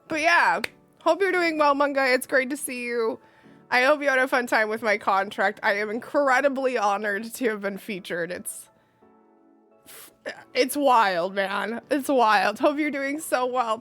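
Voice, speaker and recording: A woman's voice: a little high, fairly bright tone, no room sound. A young woman streaming live, chatting in a bubbly, giggly way and greeting viewers by name. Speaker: livestreamer. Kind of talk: casual live-stream chat.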